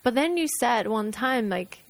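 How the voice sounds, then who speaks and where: A woman's voice: fairly high pitch, lively intonation, normal speed, no echo. A woman co-hosting a casual chat, talking animatedly with many fillers.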